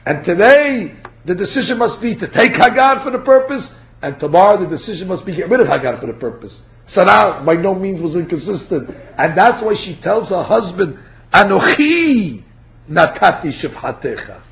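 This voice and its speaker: A man gives an animated Torah lecture to his class, and his voice sits high. He acts out the lines he quotes. The recording is dull and lo-fi. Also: fairly quick, few pauses. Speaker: Torah teacher.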